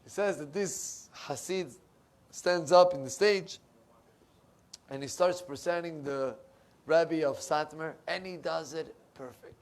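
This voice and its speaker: A middle-aged male rabbi preaching a sermon in a synagogue, animated and emphatic, swinging from loud to soft. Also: fairly high pitch.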